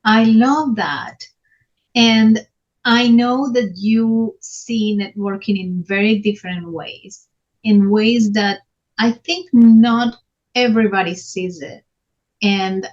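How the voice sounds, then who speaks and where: A woman hosts a podcast interview, speaking slowly and deliberately. Her pitch is ordinary for a woman. The recording sounds dull and lo-fi. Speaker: podcast host.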